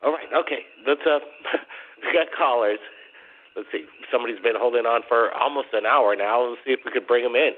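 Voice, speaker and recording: A man's voice: medium pitch, a little fast. A man hosting a call-in radio show, chatting casually and rambling, repeating his questions to callers. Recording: tinny phone-like audio.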